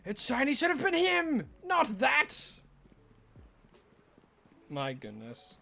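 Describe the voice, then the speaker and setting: A game streamer rambling jokily during a live stream and bursting into excited shouts at lucky finds. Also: sits high, takes it slowly, creaky.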